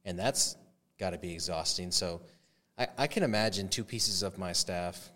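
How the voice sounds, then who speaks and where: A man hosting an interview, chatting casually and thinking out loud while he frames his questions. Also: deep voice, moderate pace, long reverb tail. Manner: chatty, thinks aloud with "you know what I mean". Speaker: podcast host.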